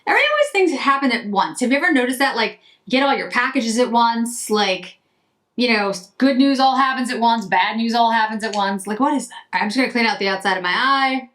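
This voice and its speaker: A woman's voice: on the high side, a little fast, a bit bright. A woman beauty vlogger chatting casually to camera while doing her makeup, rambling and breaking off mid-sentence. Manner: chatty, rambling, self-interrupting.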